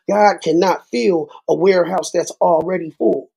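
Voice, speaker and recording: A man rants to his viewers, heated and cursing freely and dropping quick rhymes as he goes. His voice sits high for a man yet sounds dark and mellow, with a gravelly, husky edge. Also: fairly even intonation, low-quality recording. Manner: heated, profane, rhyming asides. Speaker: channel host. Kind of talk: ranting monologue to viewers.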